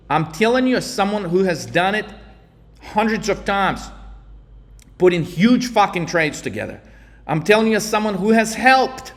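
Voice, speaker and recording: A man's voice: sits high, a bit bright. A man coaching traders in a blunt, heated, profane rant. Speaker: trading coach. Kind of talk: ranting monologue. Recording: echoey reverberant room.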